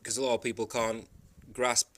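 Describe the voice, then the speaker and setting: A man's voice: medium pitch, flat delivery, moderate pace, a bit bright. A man from the Isle of Man telling travel stories in a rambling, emphatic monologue. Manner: rambling, emphatic storytelling with frequent restarts. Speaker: travel vlogger. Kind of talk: casual monologue.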